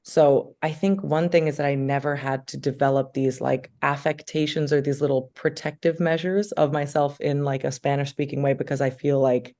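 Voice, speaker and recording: Female actress guest, mellow gravelly tone, enthusiastic and rambling chat. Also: sits low, steady tone, normal speed, hardly any pauses. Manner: enthusiastic, chatty, many filler words. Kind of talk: casual interview chat.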